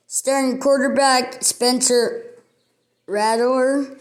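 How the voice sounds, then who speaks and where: A woman hosting a casual sports video, reading news and a schedule off a list item by item in a halting way. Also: fairly high pitch.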